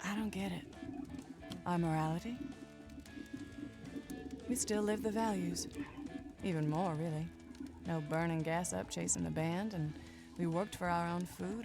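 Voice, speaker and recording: An actress playing a gentle, content woman from a farming collective in a video game, speaking softly and kindly. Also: lowish voice, lightly acted. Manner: soft, unhurried, kindly. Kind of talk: game voice acting. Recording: game audio with a clear music bed.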